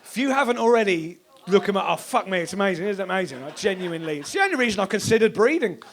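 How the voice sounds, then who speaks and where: A man performing a sweary, animated stand-up comedy set on a club stage, now and then bursting into shouts. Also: high-pitched, very fast. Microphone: stage microphone.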